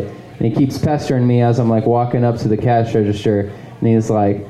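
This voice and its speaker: A man's voice: lowish voice, normal speed, mellow, echoey room, poor audio. A man telling a story at a live show, rambling with lots of fillers and chuckling at his own tale. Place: live show in a small venue.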